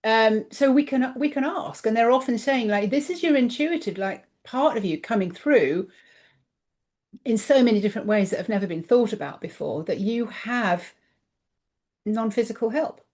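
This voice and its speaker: A woman guest on a podcast, chatting casually about her coaching work, animated and acting out the voices she quotes, her voice getting a little tired. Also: a little high, normal speed. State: voice tiring, clears throat. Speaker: guest, intuitive coach and author.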